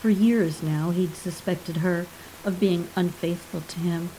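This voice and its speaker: A woman narrating a short story in an even, measured voice. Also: fairly low pitch, a little hiss or hum, low-quality recording. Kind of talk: audiobook narration.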